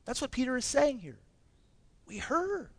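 A man's voice: very high-pitched, big pitch swings, measured pace, a bit bright, no room sound. A man preaching a sermon as pastor, impassioned and emphatic, with many rhetorical questions.

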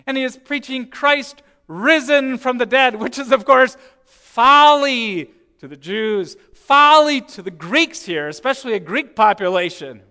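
A man preaching a sermon, telling the story with swings from hushed, slow lines to emphatic ones. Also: very high-pitched, expressive, clean tone.

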